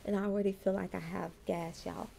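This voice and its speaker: A woman's voice: mid-range voice, flat delivery, a little fast, vocal fry, noisy background. A woman talking casually to her camera in a vlog, chatty and often sighing or dropping to a whisper. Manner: chatty, keeps saying "y'all", sighs and nervous whispers. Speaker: vlogger.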